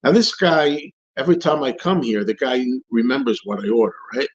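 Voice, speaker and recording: A man's voice: a little high, a little fast, slightly rough. Guy ranting on his stream, voice jumping all over, kinda muffled lo-fi audio. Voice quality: repeats and restarts phrases, animated storyteller. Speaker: livestream host answering viewer questions. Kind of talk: casual rambling chat and rant.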